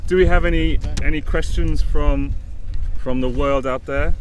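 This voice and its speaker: A man's voice: a little high, steady tone, moderate pace. A man hosting a live podcast beside a competition field, playful and often laughing. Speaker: podcast host. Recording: loud outdoor street noise.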